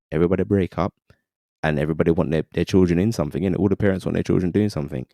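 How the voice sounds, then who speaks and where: Casting: thirties man, podcast guest, low dark voice, lively storyteller. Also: dry recording, clean studio sound. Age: 30s. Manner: animated, repeats "you know what I mean". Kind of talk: casual storytelling interview.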